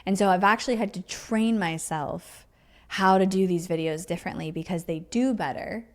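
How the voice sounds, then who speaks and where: On her casual solo podcast, a woman with a lowish, slightly mellow voice riffs off the cuff. Her delivery is chatty and emphatic with a teaching feel, peppered with "like" and "you know."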